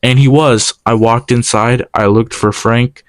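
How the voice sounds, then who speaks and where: Young man, casual storyteller, clear smooth voice, dry close sound, acts out the dialogue. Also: medium pitch, no room sound. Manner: animated, quoting others in quick exchanges.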